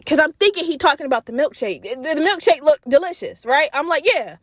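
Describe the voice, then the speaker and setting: Woman podcast host, young, high-pitched, dry booth sound; brash, profane storyteller who addresses the audience. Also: brisk, dry recording. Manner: profane, animated, talks straight to listeners. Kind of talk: casual storytelling. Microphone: podcast mic.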